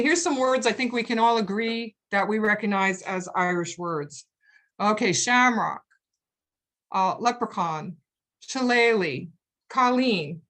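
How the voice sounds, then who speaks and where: A woman from the United States giving a friendly, chatty slide lecture over a video call, often pausing on "um" and "okay.". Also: mid-range voice, fairly bright tone. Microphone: video call microphone.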